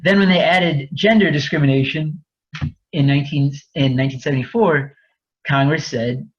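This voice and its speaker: Man giving a webinar talk, somewhat high voice, candid and chatty, muffled audio. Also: moderate pace, slightly rough. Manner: candid, conversational explaining with frequent restarts. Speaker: fair housing presenter. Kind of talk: webinar lecture.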